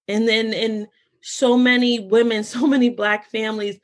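A woman guest on a podcast, in casual, animated conversation, talking in quick bursts and restarting her sentences often. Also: fairly high pitch. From United States. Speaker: podcast guest, founder of a mental health community.

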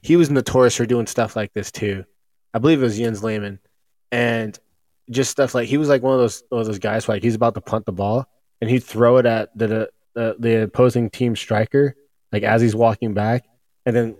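A male guest on a sports talk podcast chats casually in a mid-range, steady voice that is brisk and somewhat dark. The recording is dry. He rambles loosely, restarting sentences often and filling gaps with fillers.

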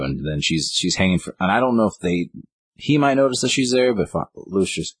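A man's voice: low-pitched, sing-song, fairly quick, breathy edge, no room sound. A man co-hosting a casual podcast, rambling through a comic's plot and acting out the quotes. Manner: rambling, acts out quotes with "he's like". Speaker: podcast co-host. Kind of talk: casual chat retelling a comic.

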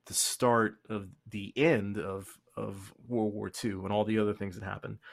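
A young man hosting a casual podcast chat, rambling and joking with quick asides. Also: fairly low pitch, creaky. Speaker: podcast host.

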